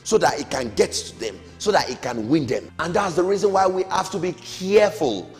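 Animated man preaching a lesson. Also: fairly high pitch, a little fast. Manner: emphatic, rising calls and falling amens. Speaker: Sunday school teacher. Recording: long hall reverb, faint music.

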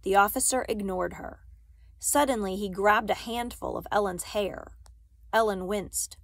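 A woman reading a novel aloud, careful and steady, with occasional small slips she corrects. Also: mid-range voice, normal speed, no echo. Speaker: reader.

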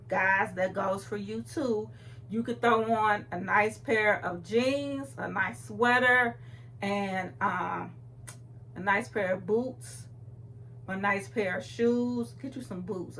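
She's a young adult fashion vlogger talking clothes in a chatty, playful way straight to camera, filmed on her phone at home. Her mid-range voice is a bit bright, with slight background noise.

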